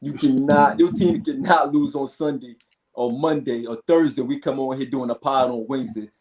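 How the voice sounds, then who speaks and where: Teasing podcast host in a roomy space. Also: male voice, medium pitch, fairly even intonation, normal speed, crowd noise. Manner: laughing, teasing, steering the show. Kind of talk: casual sports podcast chat.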